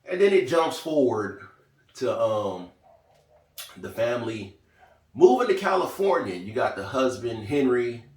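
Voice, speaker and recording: A man giving a casual, chatty spoken review of a TV show, talking in a lively, conversational way. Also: mid-range voice, measured pace, pauses often, recorded from a distance. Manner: chatty, lively, quotes characters in small voices. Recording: roomy echo, from off mic.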